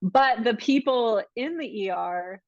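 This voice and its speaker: A woman's voice: fairly high pitch, slow pace, no room sound. A woman who is a podcast guest, telling a personal story in casual conversation and acting out the dialogue of the people in it. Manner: animated, acts out quoted dialogue. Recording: dull, dry podcast audio.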